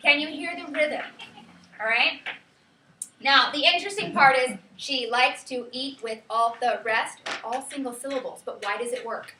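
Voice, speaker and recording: Bright high-voiced woman teaching a class. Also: moderate pace. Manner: lively, quizzing students, counts out rhythms. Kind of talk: classroom lecture. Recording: echoey classroom from far off, faint hiss.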